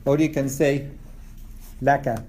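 Slow, patient male language teacher. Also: medium pitch, little pitch movement, warm tone. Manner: slow, repeats words for learners. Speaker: Arabic teacher. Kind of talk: classroom teaching.

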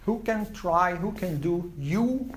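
A man teaching a language class at a very slow, deliberate pace. He repeats each word for his students. A faint hiss of room ambience sits under his voice. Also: high voice, expressive. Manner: slow, repeats words for learners. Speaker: Arabic teacher.

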